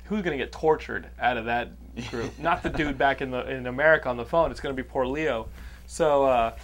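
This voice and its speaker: A man's voice: mid-range voice, fairly quick, a bit bright. A podcast host from Texas talks through a film review in a loose, casual way. He swears freely and trails off into fillers and restarts. A faint hum sits under the recording. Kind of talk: casual chat, movie review.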